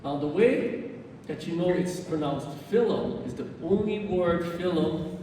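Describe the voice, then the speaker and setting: A man giving a club presentation, explaining things in an unhurried way with fillers and self-corrections. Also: mellow. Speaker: orchid society speaker. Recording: roomy hall, distant mic, faint rumble.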